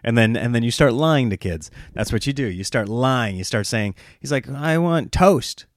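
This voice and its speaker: A man in his thirties telling a rambling comic story about his young kids, now and then mimicking them in a higher voice. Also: expressive, normal speed, dry recording, studio quality.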